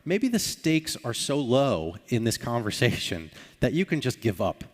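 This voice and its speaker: A man's voice: mid-range voice, sing-song, unhurried. A man giving a conference talk, explaining and acting out short sample dialogues. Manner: explanatory, acts out sample dialogues with filler sounds. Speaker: conference speaker. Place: conference hall. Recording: hall reverb.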